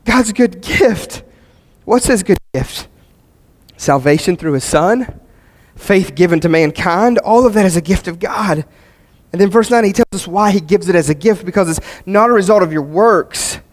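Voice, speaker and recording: A male pastor preaching a sermon, earnest, repeating key phrases and swinging from emphatic peaks to quiet, low passages. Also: moderate pace.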